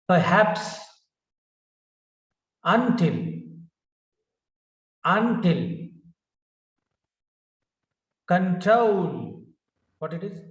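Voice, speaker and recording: Slow, deliberate man drilling pronunciation. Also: on the high side. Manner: repeats each word slowly, correcting common mistakes. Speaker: pronunciation teacher. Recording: roomy, distant, dull lo-fi sound.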